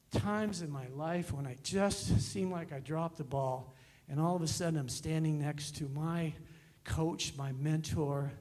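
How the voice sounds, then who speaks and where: A middle-aged male minister giving a conversational, animated sermon in a church. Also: sits high. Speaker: guest minister. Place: church sanctuary.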